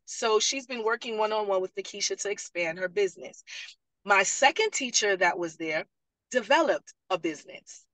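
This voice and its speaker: A woman speaks as a parent liaison in a casual panel talk. She tells stories with energy and acts out what others said. Her voice is mid-pitched and sits in a dry, dead-sounding space. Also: normal speed, no echo, low-quality recording. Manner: animated storyteller, acts out quotes. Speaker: parent liaison and program graduate.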